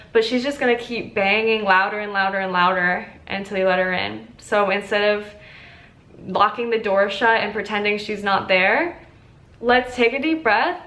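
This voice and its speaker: A woman wellness coach speaks to her audience in an earnest self-help manner, often repeating a word to lean on it and filling pauses with "um." Her voice sits at an ordinary middle pitch. The room around her is noticeably echoey. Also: steady tone, sharp tone. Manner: earnest, repeats words for emphasis, many fillers. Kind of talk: motivational self-help talk to camera.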